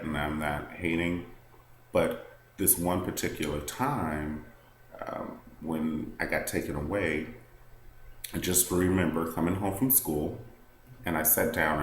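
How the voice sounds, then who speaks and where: A man's voice: a bass voice, roomy sound, a little hiss or hum. A man vlogging a personal story to the camera, candid and rambling, full of "like" and "um".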